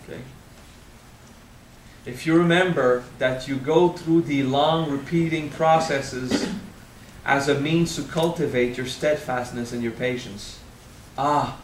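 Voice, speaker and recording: A man in his thirties with a French accent, speaking at a spiritual seminar, frank and animated, swearing casually and drawing out key words. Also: mid-range voice, slow pace, roomy sound, far from the mic, slight background noise, poor audio. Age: 30s. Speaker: spiritual teacher. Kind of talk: seminar talk.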